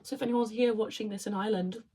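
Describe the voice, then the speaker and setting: A woman's voice: on the high side, fairly even intonation, warm tone. A young woman from Wales, a university student, chatting casually to camera in a bubbly, rambling way. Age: young adult. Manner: chatty, bubbly, with quick asides. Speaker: vlogger, marine biology student.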